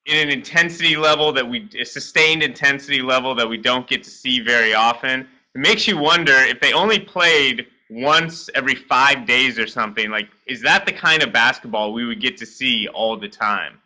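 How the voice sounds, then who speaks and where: A male podcast host with a very bright, sharp-edged voice. He talks loosely and rambles between points in a casual conversation. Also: medium pitch, normal speed, few pauses, rough recording.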